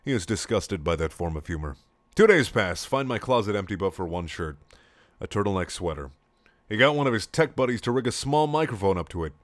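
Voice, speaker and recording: Man, young adult, comic story reading, deadpan, clipped, sudden outbursts, low voice, dry. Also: brisk, dry recording.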